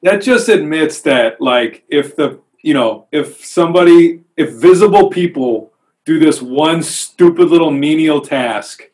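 A man joining a casual comedy podcast, starting hesitantly and then talking in quick bursts. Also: on the high side, animated, darkish tone.

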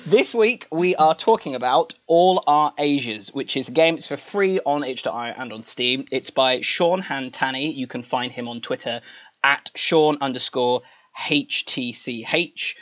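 A man's voice: medium pitch, measured pace, fairly bright tone, muffled recording. Chatty male podcast host. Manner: chatty, self-deprecating, leads the discussion. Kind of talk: casual podcast chat.

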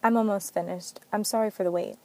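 A woman voicing a shy, guarded young barista in an amateur story reading, speaking softly and hesitantly. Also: mid-range voice, steady tone, fast, natural voice.

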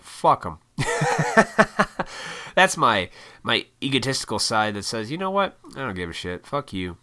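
A man's voice: low voice, sharp tone. A man from Illinois hosting a casual solo podcast, talking in a laid-back, rambling way with lots of swearing. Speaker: podcast host.

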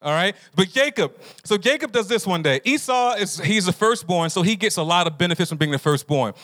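A man's voice: high-pitched, expressive, fairly quick, a bit bright. A man preaching a sermon to a live group in a conversational way, often putting questions to his listeners. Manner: conversational, asks the audience questions. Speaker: pastor.

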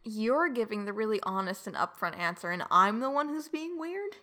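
Chatty woman with a bright voice. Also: a little high, animated, normal speed. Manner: chatty, thinking aloud with fillers. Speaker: podcast co-host. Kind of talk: casual advice chat.

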